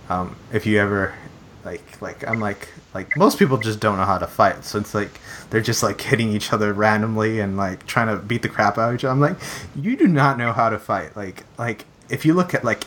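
A man's voice: lowish voice, fairly bright tone, a little hiss or hum. A young man in casual chat, rambling with many fillers and repeated phrases.

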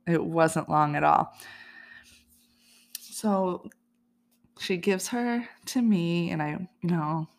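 Woman podcaster just chatting through her story, lowish voice with lots of fry, laughs a bunch. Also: slow pace, pauses often. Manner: chatty, laughs often while telling. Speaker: podcast host. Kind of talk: casual personal storytelling.

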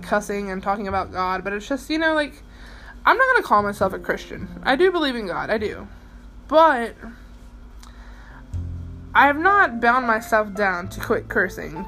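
A young woman talks alone into her podcast late at night, rambling and emotional, full of "you know" and restarts. Her voice sits at an ordinary middle pitch, and she swears now and then. Faint music plays behind her. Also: sharp tone, poor audio. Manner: swears casually. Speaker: podcast host. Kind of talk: personal late-night monologue.

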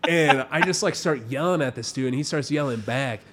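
A young adult man, a podcast co-host, telling a story in casual chat with lively delivery and free swearing. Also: medium pitch, a little fast, noisy background. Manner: animated storytelling, swears freely.

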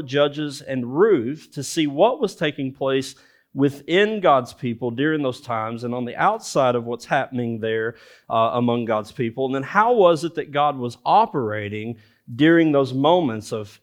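A man, a lead pastor, preaching a sermon in a conversational way, with filler words and rhetorical questions. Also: mid-range voice.

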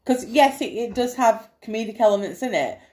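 A woman's voice: a little high, lively intonation, a little fast, darkish tone. A woman co-hosting a casual film review podcast, enthusiastic, laughing often and swearing freely. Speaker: podcast co-host.

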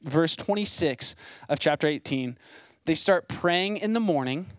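A man's voice: a little high, animated, unhurried, fairly bright tone, no echo. A young man preaching a sermon as a site pastor, in a casual, conversational way with plain asides.

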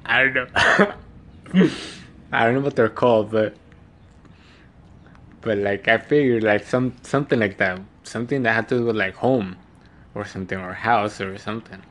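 A man's voice: on the low side, normal speed, long pauses, a bit bright. A young man telling a story casually, rambling, laughing often and swearing, while snacking. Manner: eating while talking. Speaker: vlogger.

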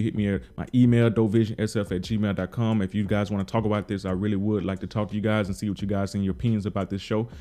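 Laid-back man with a low, dark voice. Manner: retells scenes acting out lines in quick bits of dialogue; laid-back slangy delivery. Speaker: podcast host recapping a TV episode. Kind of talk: casual solo recap.

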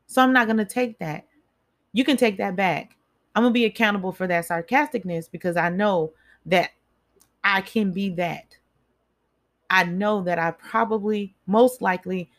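A woman giving a casual motivational talk, chatty and speaking straight to her listeners, repeating phrases for emphasis. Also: mid-range voice.

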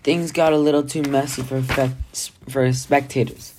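A reader voicing a kind, fussy male healer who reassures gently while fretting in a storybook read-aloud. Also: medium pitch, fairly even intonation, moderate pace, slight background noise, close to an everyday voice. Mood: reassuring. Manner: gently reassuring, a bit fretful.

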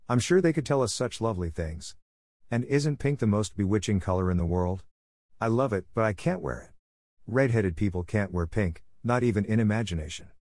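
A man's voice: on the low side, darkish tone, dry recording, clean studio sound, close to an everyday voice. A man reading the part of an eager, dreamy eleven-year-old orphan girl in an audiobook, in a gushing way.

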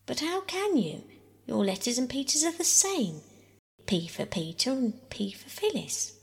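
A shrill, insistent little girl, quick to squabble, as a woman reading a storybook puts her on. The voice jumps well above a normal speaking pitch and stays on the edge of a whine. There is a slight gravelly fry underneath. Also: big pitch swings, heavily acted. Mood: indignant. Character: bossy quarrelsome young girl.

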